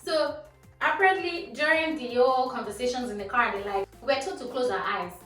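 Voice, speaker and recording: A young woman with a Nigerian accent telling a storytime vlog in a lively, animated way, dropping Pidgin phrases. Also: a little high, fast. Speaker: vlogger. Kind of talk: casual storytime. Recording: echoey room, voice from a distance, faint music.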